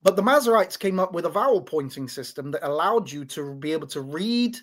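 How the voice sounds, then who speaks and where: A man's voice: a little high, expressive, fairly quick, a bit bright. A man in a casual talk, explaining in a teaching tone with many restarts and repeated words, checking in with "right?". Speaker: podcast host.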